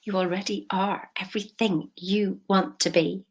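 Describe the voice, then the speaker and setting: A woman, a money mindset coach talking casually, emphatic and chatty with soft intimate asides. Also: mid-range voice, steady tone, normal speed. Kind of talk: casual motivational vlog.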